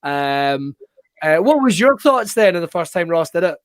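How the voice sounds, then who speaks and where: A man's voice: fairly high pitch, sing-song, moderate pace, no echo, clean studio sound. A man hosting a casual Q&A on a video call, bantering and swearing freely. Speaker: host. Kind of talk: casual chat, Q&A.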